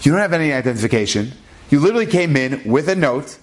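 A man's voice: on the high side, big pitch swings, fast. A man doing a blunt, incredulous pharmacist. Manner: incredulous, explaining. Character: blunt male pharmacist, working-age man.

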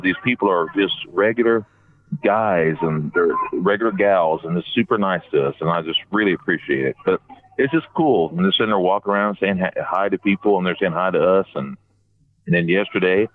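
A man telling a long, rambling story in casual chat, getting animated whenever he quotes other people. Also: sits low, a little fast. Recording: tinny phone line.

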